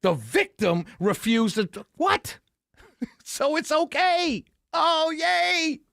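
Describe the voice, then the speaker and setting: A man with a strikingly high voice rants off the cuff as a political commentary host. He is exasperated and incredulous, stammers through repeated words, and scoffs with short laughs. The sound is close and dry, with no room around it. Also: very animated, takes it slowly, fairly bright tone, dry recording.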